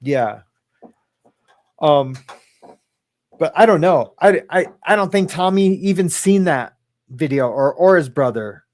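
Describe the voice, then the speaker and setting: A man's voice: fairly high pitch, animated, takes it slowly, pauses often, a little mellow. Rambling man in casual chat. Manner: rambling, hesitant, many fillers and restarts; swears casually. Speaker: podcast host.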